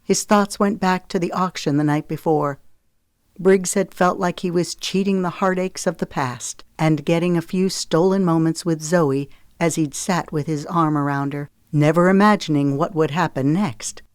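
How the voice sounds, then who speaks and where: A woman narrating a romance audiobook in a steady, expressive reading. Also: lowish voice, moderate pace, no room sound, studio quality.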